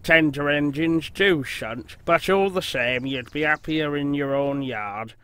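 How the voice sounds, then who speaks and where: A man voicing a stern, proper male railway director in a storybook reading, speaking formally and severely in a lowered voice. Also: unhurried, bright, forceful tone, smooth. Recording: noisy background hiss.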